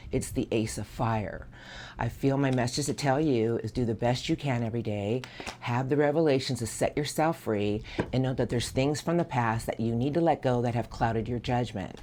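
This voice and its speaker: Earnest tarot reader, mid-pitched. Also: a little mellow, slight background noise. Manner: earnest, encouraging, speaks to an unseen source. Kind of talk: tarot reading.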